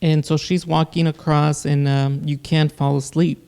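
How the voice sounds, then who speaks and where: A man, a podcast guest, earnestly telling a personal story in casual talk, with halting restarts. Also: fairly high pitch, flat delivery, creaky, darkish tone, smooth. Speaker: guest, producer.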